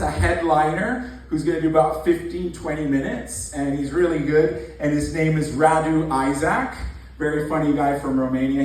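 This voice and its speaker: A man compering a stand-up night, talking in a loose, self-mocking way with many halts. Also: fairly high pitch. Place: comedy club. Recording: echoey club from far off.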